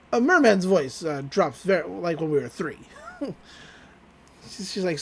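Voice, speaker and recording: A podcast host casually recapping a cartoon episode, animated and laughing often. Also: mid-range voice, normal speed, breathy edge.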